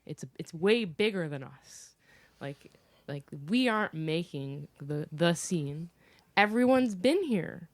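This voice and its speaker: A woman's voice: lowish voice, expressive, slow, no room sound. Woman, from Chicago, podcast guest, casual and thoughtful, lots of "like", dry close sound. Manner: thoughtful, hedging with "like". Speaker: podcast guest, cannabis media founder. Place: basement.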